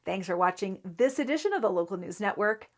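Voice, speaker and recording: A woman reporter reading a local news story in a measured, even newsreader delivery. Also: mid-range voice. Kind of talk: scripted news narration.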